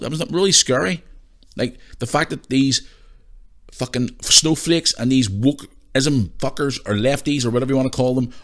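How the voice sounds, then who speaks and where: A man hosting a podcast, ranting his opinions in a blunt, sweary, casual way. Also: mid-range voice. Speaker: podcast host.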